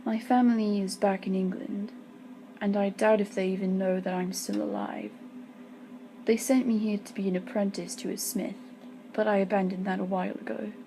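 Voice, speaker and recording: A woman's voice: flat delivery, normal speed, background noise, close to an everyday voice. A woman voicing a young man, a lonely servant who speaks with bitter resignation in a read-aloud story. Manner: low, bitter, resigned telling.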